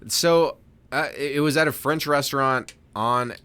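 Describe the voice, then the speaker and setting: A man's voice: mid-range voice, bright, forceful tone, clean tone. A man co-hosting a casual podcast, joking and often stumbling over repeated words. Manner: halting, repeats words, jokey. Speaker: podcast co-host. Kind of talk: casual chat.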